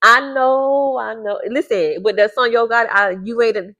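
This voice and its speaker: A woman's voice: steady tone, normal speed, pushed and bright. Emphatic woman, dull lo-fi sound. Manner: emphatic, repeats herself, swings up high when riled; keeps her voice down at first with a sleeping baby nearby. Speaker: vlogger giving a reading to viewers. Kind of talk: casual direct-to-camera talk.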